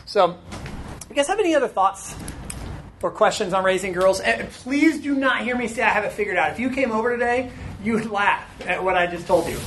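A man in his forties leading an informal church talk on raising daughters, earnest and self-deprecating. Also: high voice. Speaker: church teacher leading a parenting discussion. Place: church meeting room. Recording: echoey room, faint background noise.

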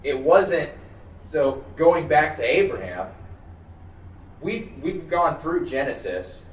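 A man's voice: fairly high pitch, big pitch swings, takes it slowly. Man leading a Bible study in a roomy hall. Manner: thinks aloud with many fillers and restarts. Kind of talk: conversational teaching. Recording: roomy, distant mic, faint background noise.

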